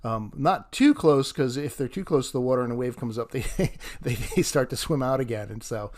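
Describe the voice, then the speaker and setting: A man's voice: medium pitch, a little fast, darkish tone. A man narrating his fishing vlog outdoors on a beach, chatty and laughing often as he talks to viewers. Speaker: fishing vlogger.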